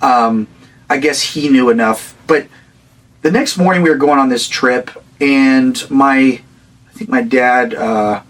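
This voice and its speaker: A man in his thirties, a rock band frontman guest, telling a story in casual conversation, animated and swearing, acting out the voices he quotes. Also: mid-range voice, a little slow, far from the mic, low-quality recording.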